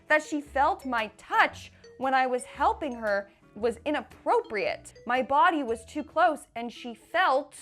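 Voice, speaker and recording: A woman from Canada reading Reddit posts aloud and giving animated, slangy commentary with frequent laughter. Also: high voice.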